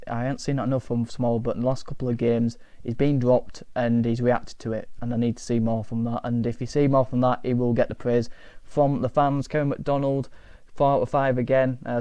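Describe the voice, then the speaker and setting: Man, rambling fan vlog, flat and mellow voice, smooth, dry close mic. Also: mid-range voice, no room sound. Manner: rambling, halting, repeats words. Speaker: football fan channel host. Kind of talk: casual match reaction vlog.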